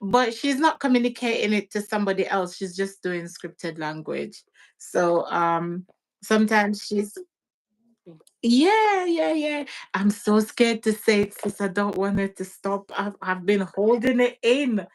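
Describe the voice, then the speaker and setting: A woman talking in an unhurried, casual chat, laughing now and then and dropping in patois phrases. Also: mid-range voice, poor audio. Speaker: guest parent.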